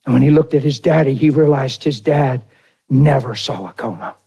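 A middle-aged man preaching a sermon through an animated, folksy personal story. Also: mid-range voice, moderate pace, vocal fry, slightly rough, muffled recording. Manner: animated, folksy, drawls into dramatic retellings.

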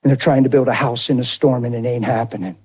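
A middle-aged man preaching a sermon through an animated, folksy personal story. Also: medium pitch, fast talker, breathy edge. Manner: animated, folksy, drawls into dramatic retellings.

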